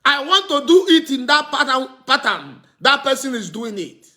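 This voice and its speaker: A man preaching a sermon, teaching with slow, emphatic repetition and asking the listeners questions he answers himself. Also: very high-pitched, very animated, pushed and bright. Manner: repetitive call-and-response teaching, asks "what?" and answers; slow, emphatic delivery with drawn-out words.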